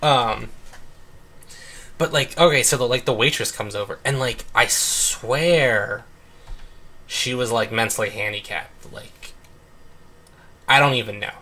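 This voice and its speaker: A man's voice: on the low side, a little slow, pauses often, pushed and bright. A young man chatting casually while playing a game, rambling and filling his talk with "like" and "um". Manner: rambling, full of "like" and "um". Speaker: let's play host. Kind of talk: casual chat while gaming.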